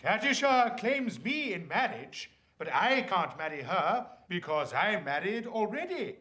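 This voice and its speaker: A polite young Victorian actor, earnest and eager. His voice is high and bright with lively swings. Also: a little slow, heavily acted. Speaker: actor rehearsing a young lead. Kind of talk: period film acting.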